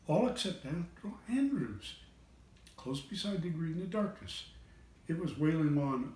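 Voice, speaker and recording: A man reading a children's storybook aloud in an expressive voice, changing voices for the characters. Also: fairly high pitch, a little slow, recorded from a distance. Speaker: reader of children's books. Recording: echoey room, away from the mic.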